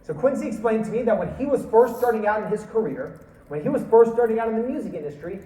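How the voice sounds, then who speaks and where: High-voiced man telling a story on a hall stage, animated, acts out lines, distant mic. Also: quick pace. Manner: animated, acts out quotes and laughs. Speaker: speaker. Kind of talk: storytelling talk.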